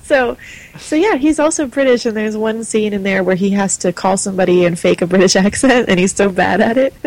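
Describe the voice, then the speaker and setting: A podcast co-host chats casually in a medium-pitched, brisk voice over poor audio. She's hesitant, filling her speech with many fillers.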